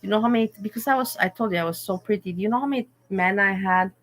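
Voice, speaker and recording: A woman's voice: medium pitch, very fast. Woman host, casual stream talk, frank and emotional, rambling. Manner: candid, rambling, emotional storytelling. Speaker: livestream host. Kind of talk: casual livestream chat.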